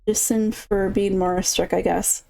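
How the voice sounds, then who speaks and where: A woman's voice: mid-range voice, steady tone, a little slow, gravelly, warm tone, a little hiss or hum. A woman streamer reading a game's character lines aloud as she plays, with pleading emphasis and dry asides. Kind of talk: reading game dialogue aloud while playing. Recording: faint game music behind. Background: faint game music.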